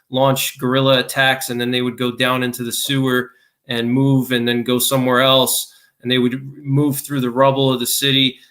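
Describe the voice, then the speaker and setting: A man's voice: medium pitch, pushed and bright. A man talking through current events in a casual podcast discussion, thinking aloud with frequent restarts.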